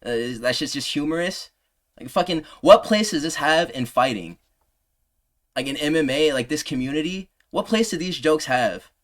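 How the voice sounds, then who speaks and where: A man in his twenties ranting heatedly in a commentary video, combative and heavy on profanity, his voice sinking low on trailing asides. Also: lively intonation, normal speed, fairly bright tone. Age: 20s. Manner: drops pitch on trailing "bro". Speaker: MMA commentary creator.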